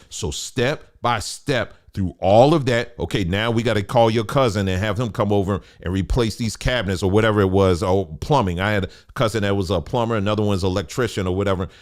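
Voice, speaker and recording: A man teaching in a loose, colloquial preaching style, repeating points for emphasis. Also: on the low side. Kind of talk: informal preaching.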